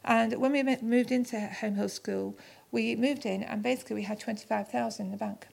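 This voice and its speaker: Lady, really gravelly voice, chatty testimony, does all the back and forth herself. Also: fairly high pitch, steady tone, a little fast, a little mellow. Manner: chatty storyteller, acts out both sides of conversations. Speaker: charity founder telling her story. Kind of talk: testimony to a church audience.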